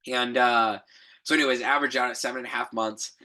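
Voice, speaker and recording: A man's voice: medium pitch, steady tone, fast talker, sharp tone. A young adult man hosting a podcast, telling a reflective story in a rambling casual way, with fillers, self-corrections and light laughs. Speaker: podcast co-host.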